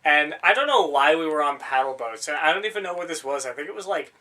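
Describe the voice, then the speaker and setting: A man's voice: fairly high pitch, lively intonation, fast, bright, forceful tone. A young man co-hosting a podcast in casual chat, rambling and swearing freely, laughing often. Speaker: podcast co-host.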